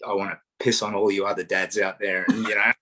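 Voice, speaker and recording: A low, husky-voiced Australian man tells stories in a relaxed interview. He is animated and pokes fun at himself as he talks. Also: fast, rough recording. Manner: animated storyteller, self-mocking humour, acts out voices. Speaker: guest. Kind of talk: casual conversation.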